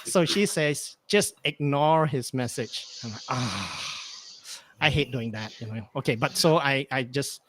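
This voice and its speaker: A man's voice: medium pitch, animated, a little slow, a bit bright, no room sound. A man telling a rambling anecdote on a remote call, hesitant and full of fillers, acting out bits of dialogue. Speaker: podcast guest. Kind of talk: casual storytelling chat.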